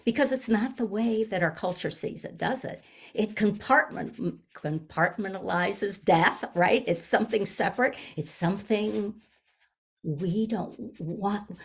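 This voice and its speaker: A woman in her seventies, a minister giving a gentle, reflective sermon, often pausing and restarting her phrases. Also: medium pitch, slightly rough. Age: 70s. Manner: gentle, searching, with frequent restarts. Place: online service.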